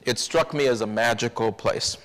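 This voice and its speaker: A man's voice: medium pitch, moderate pace, a bit bright. A man preaching a sermon as minister, telling a story in a wry, confiding way. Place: church sanctuary. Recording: long church reverb.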